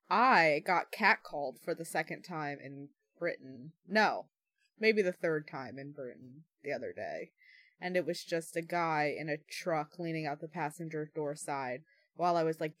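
A woman's voice: deep voice, expressive, a little slow, fairly bright tone, no room sound, clean studio sound. A young adult woman in casual chat, telling anecdotes frankly with many "like" fillers.

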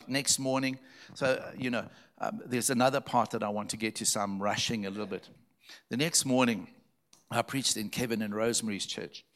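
A man's voice: fairly low pitch, fairly bright tone. A male pastor from Zimbabwe telling stories in a sermon, emphatic and repeating key phrases for effect. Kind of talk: storytelling sermon.

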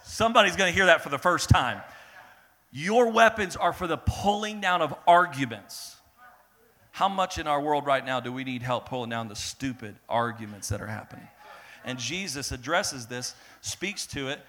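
Animated preacher guy, bright punchy voice, does little voices for the bible people. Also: a little high, slight background noise. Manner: animated, acts out voices of biblical figures, swings between loud and hushed. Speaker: pastor. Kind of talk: sermon.

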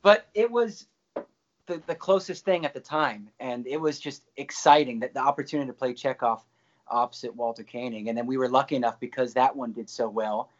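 A man guest on an interview, telling an excited anecdote with lively jumps in his voice. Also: brisk, highs cut off. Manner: animated, excited storyteller with frequent pitch jumps. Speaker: guest actor. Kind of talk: casual anecdote storytelling.

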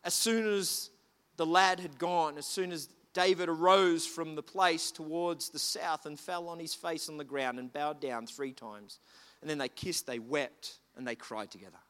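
A man preaches a sermon in a high, bright voice, telling stories with animation and rising to shouts. His voice rings through a church hall with a long reverb tail. Soft music sits faintly behind him. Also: moderate pace, smooth. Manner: animated storytelling, shouting at peaks.

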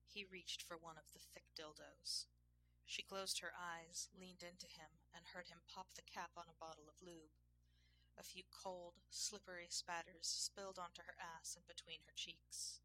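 A woman narrating an erotic audio story in a slow, hushed, intimate reading. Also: fairly low pitch, little pitch movement, slight background noise.

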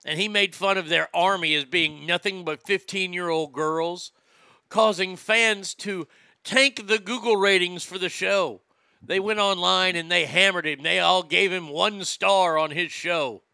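A man with a high, bright, sharp voice rants crudely and mockingly. The sound is dry and close, with no room echo. He swears freely and throws jabs. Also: fairly even intonation, unhurried, gravelly, clear, resonant tone. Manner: loud, profane, mocking, laughs at own jokes. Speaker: comedy podcast host. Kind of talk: crude comedic rant.

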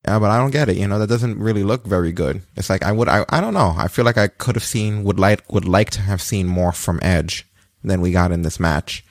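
On a casual podcast, a male co-host recaps wrestling in a rambling way, full of fillers, swearing and breaking into high, laughing rants. He talks a little fast, and the studio-quality recording has no room sound.

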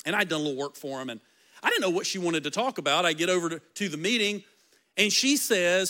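A middle-aged male pastor preaching a sermon, earnest, moving between loud emphasis and quiet. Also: high-pitched, expressive, quick pace.

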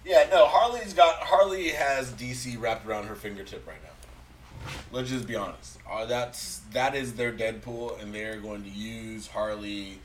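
A man's voice: on the low side, a little slow. A man co-hosting a casual podcast chat, laid-back and dry, arguing his points. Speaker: podcast co-host. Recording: distant mic, faint noise.

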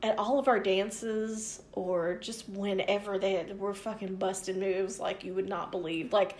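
Telling a loose, rambling story full of asides, a forties-aged woman speaks a little slowly, her medium pitch steady and slightly mellow. She curses without restraint and plays both parts of back-and-forth exchanges in her own voice, all as casual storytelling chat.

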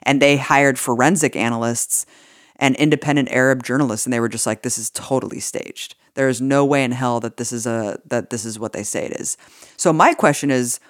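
A woman's voice: extremely low pitch, a little fast, no room sound, studio quality. A woman co-hosting a political podcast, talking casually and indignantly, swearing freely and using many "like" fillers. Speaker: podcast co-host.

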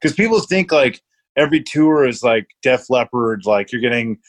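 A man's voice: medium pitch, animated, normal speed. Rambling, swearing young man telling a story. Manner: rambling storyteller, swears often, laughs a lot. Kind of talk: casual chat.

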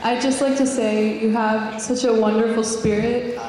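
Female audience member, gushing, high voice, echoey hall. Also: flat delivery, moderate pace, mellow. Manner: gushing, admiring.

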